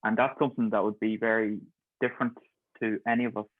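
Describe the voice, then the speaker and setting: A man's voice: lowish voice, flat delivery, fast talker, no room sound. An Irish man guesting on a podcast, agreeable and chatty, with frequent "um" and "yeah". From Ireland. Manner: agreeable, many "um" and "yeah" interjections. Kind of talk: casual interview chat. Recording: tinny phone-like call audio.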